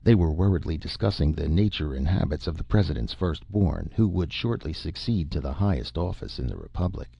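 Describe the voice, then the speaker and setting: Brief: male audiobook narrator, deep gravelly voice, measured delivery, dull dry recording. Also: expressive, warm tone, dry recording.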